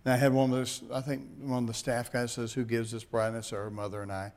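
A man's voice: mid-range voice, fast talker. Folksy older man preaching a sermon. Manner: folksy, animated, laughing at his own stories. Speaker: pastor. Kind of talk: sermon storytelling.

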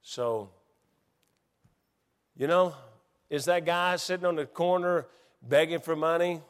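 A middle-aged man preaches in a voice pitched a bit higher than most men. He talks in halting bursts, restarting often, then swells into excited storytelling. His words ring with a long church-hall reverb. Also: smooth. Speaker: pastor. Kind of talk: sermon.

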